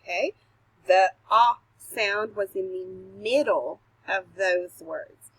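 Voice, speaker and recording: A woman teacher recording a phonics lesson for young children at home, sounding out letters slowly and patiently, laughing at her own slips. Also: mid-range voice, breathy edge, no room sound, poor audio. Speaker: kindergarten teacher. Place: home recording, not a classroom.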